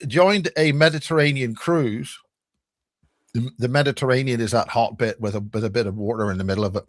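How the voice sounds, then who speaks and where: A man's voice: mid-range voice, no room sound. Joking Northern Irish man, dry sound. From Northern Ireland. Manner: rambling, joking storyteller with many restarts. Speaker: guest. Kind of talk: casual chat. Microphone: video call.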